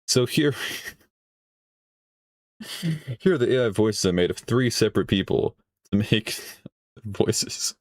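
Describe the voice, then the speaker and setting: A man with a low voice talks loosely over clips he is reacting to, swearing and laughing often. The sound is dry and close, with no room around it. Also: lively intonation, moderate pace, no room sound. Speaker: streamer. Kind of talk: casual reaction commentary.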